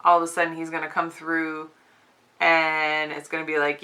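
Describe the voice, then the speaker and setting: A woman's voice: low voice, monotone, normal speed, bright, forceful tone, poor audio. A woman giving a casual collective tarot reading to her viewers, chatty and often breaking into giggles between cards. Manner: addresses viewers as y'all. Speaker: tarot reader.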